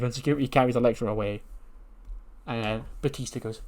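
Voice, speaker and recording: A man casually recounting a wrestling game run, animated and laughing often as he tells it. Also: mid-range voice, fast. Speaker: game commentator. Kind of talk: casual let's-play storytelling.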